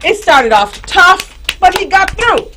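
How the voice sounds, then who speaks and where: A woman reads a children's story aloud in a high, very expressive voice that swoops up and down. She speaks slowly and gently, pausing to quiz a child and playfully voicing animal sounds. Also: slight background noise. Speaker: host reading a picture book to a child. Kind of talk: storybook reading with teaching questions. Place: radio studio.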